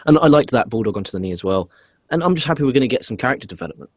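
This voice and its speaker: A man's voice: medium pitch, animated, rapid-fire, breathy edge, dry recording. A man giving a blunt, profane, ranting wrestling show review in casual podcast talk, often stumbling into restarts.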